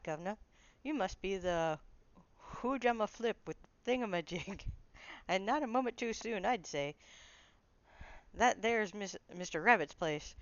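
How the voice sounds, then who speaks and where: A woman voicing a male lizard workman in a put-on Cockney accent, loud and rambling, fumbling for words. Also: medium pitch, smooth, no echo, lo-fi sound, voice pushed up, lightly acted.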